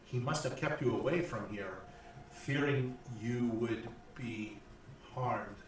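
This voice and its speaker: A man voicing a kindly older male village priest, gentle, earnest and halting. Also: medium pitch, background noise, lightly acted. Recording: echoey room from far off.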